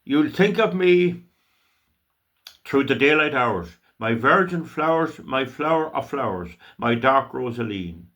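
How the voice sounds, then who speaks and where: An older man from Ireland reciting a poem with slow, emotional, declaiming delivery. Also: mid-range voice, animated, fairly bright tone. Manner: slow, emotional, declaiming with long drawn-out phrases. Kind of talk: dramatic poetry recitation.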